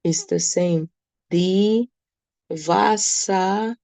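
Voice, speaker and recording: A woman's voice: fairly low pitch, very slow, mellow, dry recording, low-quality recording. A woman with a Nigerian accent teaching a beginner German class, patiently repeating words for her students. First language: Nigerian English speaker.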